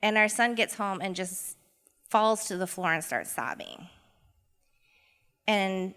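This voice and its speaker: A woman's voice: mid-range voice, takes it slowly, pauses often, a bit bright, clean tone, in a large hall. A woman educator and mother speaking in a reflective, storytelling way in a podcast interview. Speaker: guest, educator.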